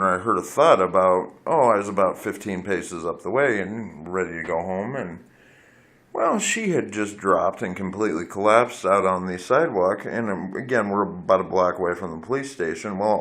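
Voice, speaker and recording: Blunt low-voiced man rambling at a phone. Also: fairly bright tone. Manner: candid, blunt, swears freely, digressive. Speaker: vlogger. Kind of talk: rambling personal storytelling. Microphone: phone camera.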